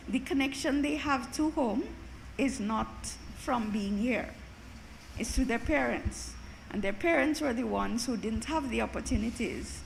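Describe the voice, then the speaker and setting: A woman's voice: a little high, creaky, slight background noise, poor audio. A woman from Jamaica and Trinidad asking a panel an earnest, personal question from the audience. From Caribbean, Jamaica and Trinidad.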